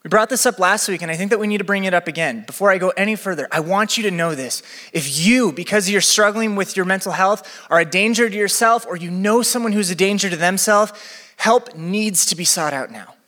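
A young man preaching a sermon as campus pastor, chatty and energetic with a live crowd. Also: sits high, fairly quick. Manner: energetic, chatty, acts out quotes. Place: church venue with balcony. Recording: long hall reverb.

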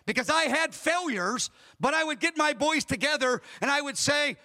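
A man's voice: extremely high pitch, animated, normal speed, bright, forceful tone. A man preaching a sermon as a pastor, emphatic, acting out dialogue as he tells stories. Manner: emphatic, acts out dialogue in storytelling.

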